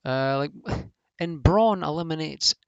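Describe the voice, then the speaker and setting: A man's voice: on the high side, slow pace, vocal fry, smooth, dry recording, lo-fi sound. A man giving a casual, rambling review of a wrestling show, blunt and swearing freely, with lots of fillers.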